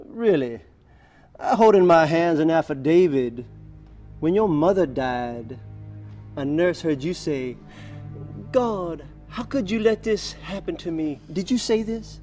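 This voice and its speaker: A slick lawyer grilling a witness, kinda high voice, music under it. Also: male voice, lively intonation, unhurried, warm tone. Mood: probing. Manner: smooth, probing, mocking. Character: slick male defense lawyer cross-examining.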